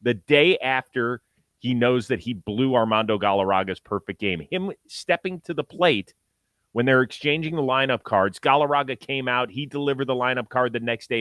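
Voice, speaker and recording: A man hosting a casual sports talk show, animated and quick to laugh as he tells stories. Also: medium pitch, no echo. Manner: animated, laughing, excitable storyteller.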